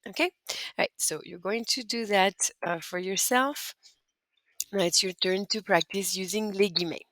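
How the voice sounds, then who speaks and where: A woman's voice: medium pitch, moderate pace, a bit bright, no echo. A woman teaching French as she walks students through typing accent marks, patient and step by step. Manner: clear, patient step-by-step instruction. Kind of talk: screen-recorded lesson walkthrough.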